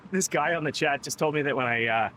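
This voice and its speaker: A man with a fairly high, expressive voice talks at a normal pace, his tone bright and forceful. He's live-streaming an indoor cycling ride, chatting casually with viewers and his riding partner and laughing often. There's slight background noise.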